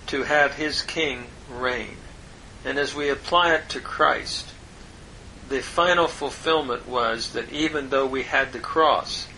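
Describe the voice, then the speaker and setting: A man walks through a Bible passage in Hebrew at a very unhurried pace, stopping to parse each word. His voice has a bright, forward edge. A faint low rumble sits behind him. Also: poor audio. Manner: slow, deliberate, parsing word by word with pauses. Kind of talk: verse-by-verse Hebrew lesson.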